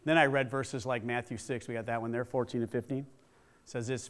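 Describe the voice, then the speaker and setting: A man preaching a sermon in a conversational way, asking the congregation questions and swinging from loud to hushed. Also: mid-range voice, steady tone, a little fast. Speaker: pastor.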